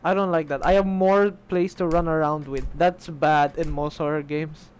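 A man's voice: on the high side, fairly even intonation, moderate pace, slight background noise. A young man streaming a game, chatting casually, swearing and reading the game's text aloud. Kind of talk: casual let's play commentary.

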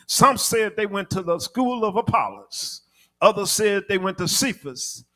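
Male preacher, high voice, rhythmic sermon delivery, sung and shouted peaks. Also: lively intonation, measured pace. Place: church.

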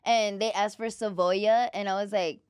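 A woman's voice: mid-range voice, fairly even intonation, normal speed, clear, resonant tone, dry recording, studio quality. A woman hosting a comedy podcast in casual chat, brash and profane, bursting into big laughs, with a Puerto Rican family background. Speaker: podcast host.

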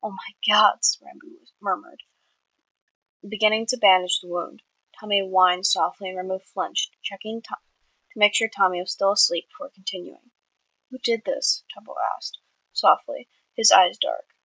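A woman reads her own fiction aloud at a middle pitch, in a plain manner with small slips and fixes. The recording is dry and close, with no room sound. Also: fairly even intonation, normal speed, gravelly, pushed and bright, no room sound, poor audio. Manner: plain reading with small slips and self-corrections. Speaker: fiction reader.

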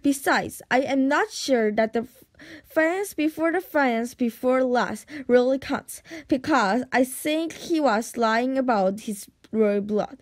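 A woman's voice: high-pitched, slow. A woman reading aloud from a storybook, voicing a scheming Viking chief who speaks in a smug, gloating way.

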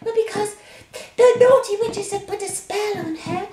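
A woman's voice: extremely high pitch, moderate pace. A woman voicing a kind, motherly magic teapot puppet, soothing and sing-song. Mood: kindly. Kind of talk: children's puppet show. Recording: roomy echo.

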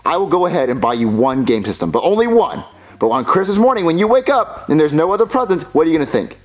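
A man's voice: fairly high pitch, very animated, fast. A man voicing an exasperated puppet father who scolds in a flustered way. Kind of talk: puppet comedy acting.

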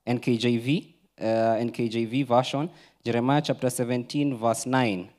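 Kenyan male pastor, mid-pitched, sermon delivery with big dynamic swings from forceful calls to hushed asides. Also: steady tone, moderate pace. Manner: switches between English and Swahili, swings from loud urging to near-whisper. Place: church.

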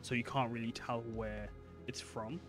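A man's voice: medium pitch, steady tone, normal speed, over loud music. A man running a tabletop game as game master, who explains at length with many "like"s and laughs easily.

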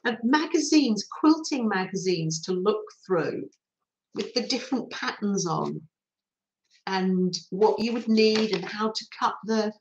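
A woman's voice: medium pitch, animated, unhurried, roomy sound, dull audio. A middle-aged woman, hosting a chatty live craft stream and greeting her viewers cheerfully. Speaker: craft livestream host.

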